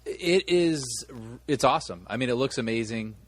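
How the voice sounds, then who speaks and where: A man's voice: medium pitch, animated, moderate pace. A man co-hosting a movie podcast, telling a long story in casual chat with many restarts. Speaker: podcast co-host.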